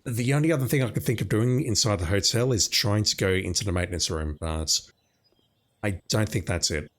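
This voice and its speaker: Man, let's play commentary, casual, thinking aloud, fairly low voice. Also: a little fast.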